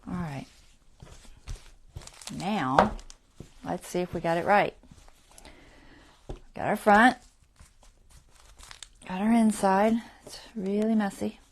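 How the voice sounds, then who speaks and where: A woman's voice: mid-range voice, takes it slowly, creaky, long pauses. A woman hosting a crafting livestream, talking to herself and her viewers as she sews, poking fun at her own mistakes. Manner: self-deprecating, talks to herself while sewing. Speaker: craft channel host. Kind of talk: casual livestream crafting talk. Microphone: clip-on mic.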